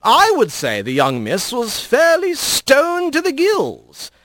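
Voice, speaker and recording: A man's voice: high voice, huge pitch swings, unhurried, a bit bright, dry recording, full character voice. A man doing a sly, courtly old fox with a lilting voice. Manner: lilting accent, formal and sly. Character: old scarred male kit fox trickster, courtly.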